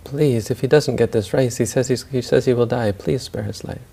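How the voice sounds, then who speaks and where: A man's voice: medium pitch, normal speed, creaky, warm tone. A man voicing an earnest city man in a spoken story, coaxing and pleading on behalf of a friend.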